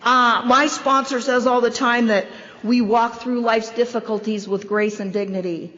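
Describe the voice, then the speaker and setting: A woman in her fifties or older shares her recovery story from a podium, her voice sitting a bit high. She tells it with wry, self-deprecating asides. The long reverb of a large hall trails her words on a dull recording. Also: fairly even intonation, normal speed, fairly bright tone. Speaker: convention opening speaker. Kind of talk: recovery meeting speaker share. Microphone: podium microphone.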